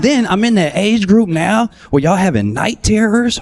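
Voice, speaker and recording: A male stand-up comic riffs through a raw, profane set, his pitch swinging widely as he acts out characters. He works a handheld mic in a live club, and a crowd laughs loudly around him. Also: a little slow, hardly any pauses. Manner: profane, animated, acts out voices. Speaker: stand-up comedian. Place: live comedy club, downtown. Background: audience laughter.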